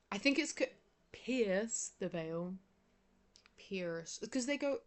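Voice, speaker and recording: A woman's voice: medium pitch, animated, takes it slowly. A young woman, chatting casually in a rambling, sleepy way and often dropping into a whisper. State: sleepy, yawning. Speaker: vlogger. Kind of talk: casual chat.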